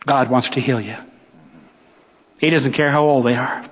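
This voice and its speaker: A middle-aged male pastor preaching a sermon, with dramatic pauses and rhetorical questions. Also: mid-range voice, fairly even intonation. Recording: long church reverb.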